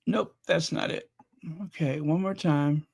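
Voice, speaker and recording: Emotional slow-talking man host. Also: fairly high pitch, steady tone, vocal fry, darkish tone. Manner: chatty, openly emotional, repeats phrases. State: voice getting strained. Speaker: channel host reacting to video clips. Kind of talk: casual reaction commentary.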